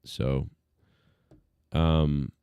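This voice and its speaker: A man with a low, mellow voice talks casually as the host of a live stream. His tone is smooth and dry, and he rambles along loosely, thinking out loud. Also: level tone, extremely slow, no room sound, dull audio. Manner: laid-back, rambling, lots of fillers.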